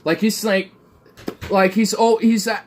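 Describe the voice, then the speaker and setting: A drunk man co-hosting a casual livestream chat, loud and rambling, cursing often and breaking into laughter. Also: high-pitched, flat delivery, measured pace, slight background noise. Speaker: livestream co-host.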